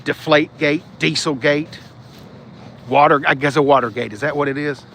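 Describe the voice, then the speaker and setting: A man hosting a casual car-talk livestream, rambling and animated, reading out viewer comments and shouting when worked up. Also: fairly high pitch, normal speed, a little hiss or hum. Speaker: livestream host reading chat.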